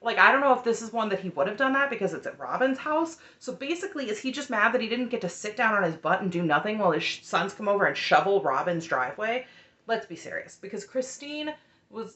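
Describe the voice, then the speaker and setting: A woman's voice: medium pitch, fairly bright tone, echoey room. A woman giving an opinionated, sarcastic recap of a reality show in a chatty, heated way. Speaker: recap host.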